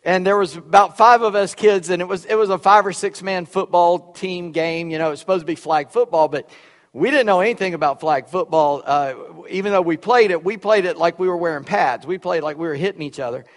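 A man's voice: sits high, brisk, long reverb tail. A man preaching a sermon, telling a folksy story with repeated words and restarts. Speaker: pastor.

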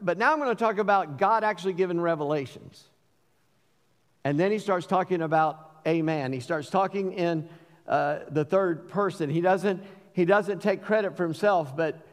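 A middle-aged pastor delivers a sermon in a folksy, storytelling way. His voice sits high for a man and climbs further when he quotes. The sound rings with the long reverb of a church hall. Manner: folksy storytelling preacher, rises in pitch when quoting.

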